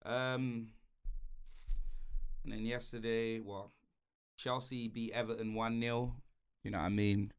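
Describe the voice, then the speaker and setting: A man's voice: lowish voice, slow pace, long pauses, clean tone. A young man, hosting a casual, slang-heavy football chat. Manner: animated slang-heavy banter. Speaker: football channel host.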